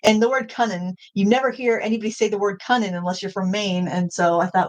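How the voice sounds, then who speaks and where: A woman's voice: mid-range voice, steady tone, a little fast, few pauses, a little mellow. A middle-aged woman hosting a casual art live stream, rambling and correcting herself as she talks about her paintings. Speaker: art channel host.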